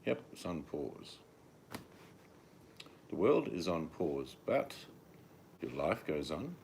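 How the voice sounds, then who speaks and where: Deep gravelly Australian man. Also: a little hiss or hum. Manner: joking, drawn-out deadpan asides. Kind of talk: casual live-stream chat.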